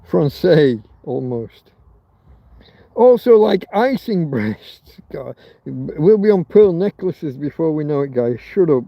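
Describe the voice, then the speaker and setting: A man's voice: on the high side, big pitch swings, slow pace, gravelly, dry recording, highs cut off. A man from Britain hosting a rambling livestream chat, crude and joking, swearing freely. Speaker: livestream host. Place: outdoors in a field in Spain.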